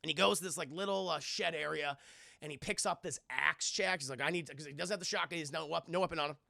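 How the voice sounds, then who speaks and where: A man streaming a profane, excitable spoiler recap of a film to his chat, acting out scenes with shouts and sound effects. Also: fairly high pitch, quick pace, vocal fry, dry recording, clean studio sound.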